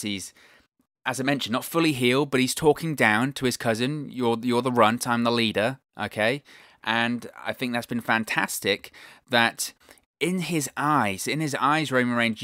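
A man's voice: mid-range voice, bright, forceful tone, smooth, no echo, studio quality. A British man hosting a wrestling news show, giving casual commentary in an enthusiastic manner and repeating phrases for emphasis.

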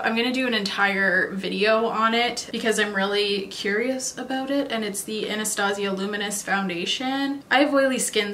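A woman's voice: medium pitch, a bit bright, a little hiss or hum. A woman beauty vlogger chatting casually and thinking aloud as she tries out new makeup on camera. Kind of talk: casual makeup tutorial chat.

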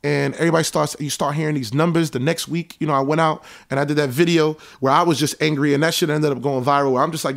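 A young man, casually recounting events in an animated storytelling monologue. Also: fairly high pitch, fast, gravelly, few pauses. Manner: animated, reenacts conversations in a raised voice. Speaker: show host recounting events.

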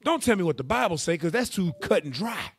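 Animated preacher, high voice, playful. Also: male voice, a little fast, slightly rough. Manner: animated, playful, calls on readers with "go ahead". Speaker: teacher leading a Bible class. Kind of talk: lively preaching with a call-and-response.

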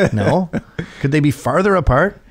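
A man's voice: on the high side, slow pace, a little hiss or hum. A man in his fifties, a show host, telling a comedic story with lots of swearing and acted-out quotes. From Britain. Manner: profane, animated, acts out quotes.

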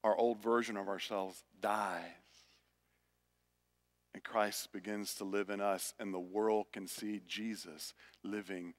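A male pastor preaching a sermon, building to loud, emphatic refrains. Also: fairly low pitch, fairly even intonation, slow pace. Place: church sanctuary. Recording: reverberant church hall.

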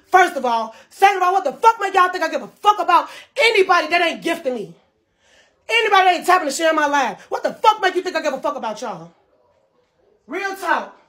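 A woman's voice: very high-pitched, fairly bright tone. A woman livestreamer ranting to her viewers, profane and heated. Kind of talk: livestream rant.

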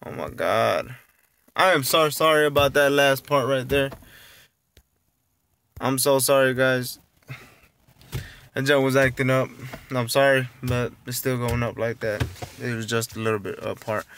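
A man's voice: medium pitch, a little slow, pauses often, fairly bright tone, clear, resonant tone. A young man hosting a reaction vlog, chatting loosely with lots of fillers, recorded on a phone indoors. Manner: rambling, loose and apologetic with many fillers. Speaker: reaction video host. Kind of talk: casual vlog chat.

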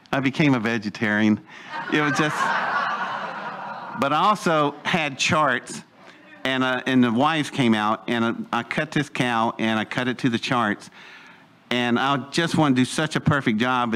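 A man's voice: mid-range voice, unhurried, sharp tone, smooth. An older man telling a rambling, folksy story to an audience, acting out the voices of people he quotes. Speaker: speaker telling his life story.

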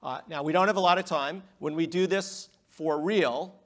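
A middle-aged man giving a public lecture, emphatic, with rhetorical questions and swings between loud and quiet. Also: a little high, normal speed. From United States.

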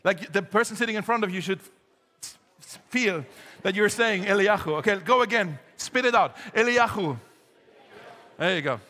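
A man preaching a sermon to a congregation, lively and joking, getting the crowd to join in. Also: high voice, fairly quick, long reverb tail. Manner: lively, jokey, talks straight to the congregation. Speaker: pastor. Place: church hall.

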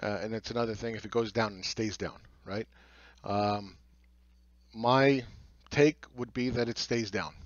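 A man's voice: lowish voice, fairly even intonation, unhurried, no echo, dull audio. A man giving a blunt market commentary monologue, sarcastic and swearing, who mocks other people's views. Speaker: market analyst.

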